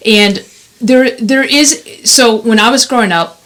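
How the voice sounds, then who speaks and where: A woman's voice: on the high side, a little slow. A woman co-hosting a podcast in casual chat, telling stories and acting out the lines she quotes. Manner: animated storyteller, acts out quoted lines. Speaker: podcast co-host.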